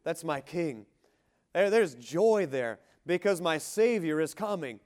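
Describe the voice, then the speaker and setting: A man preaching a sermon with fervor, calling for amens, swinging from rising shouts to quiet, slowed lines. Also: fairly high pitch, animated. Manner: fervent preaching, rising shouts and quiet drops, asks congregation for amen. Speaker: pastor.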